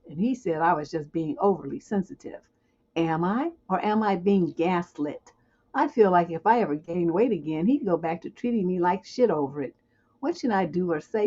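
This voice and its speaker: A woman with a lowish, husky, slightly mellow voice hosts a relationship advice livestream, reading viewer questions aloud and answering with blunt, joking frankness. The audio sounds dull.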